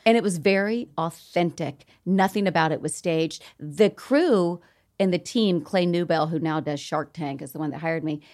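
In a casual interview, a middle-aged guest from Atlanta with a Southern drawl tells stories at a moderate pace in a lowish voice, animated and laughing as she performs quotes.

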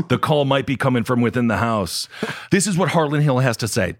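A man co-hosting a podcast, delivering animated, sarcastic political commentary, moving between loud jabs and low asides. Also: fairly quick, no room sound, clean studio sound. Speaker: podcast co-host.

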